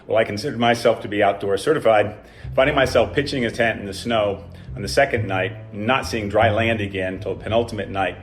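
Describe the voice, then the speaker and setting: Low-voiced older man telling a wry story. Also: fairly even intonation, brisk, faint music behind. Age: 60s. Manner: dry, self-deprecating storytelling. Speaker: alumnus telling a personal story. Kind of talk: scripted personal story reading.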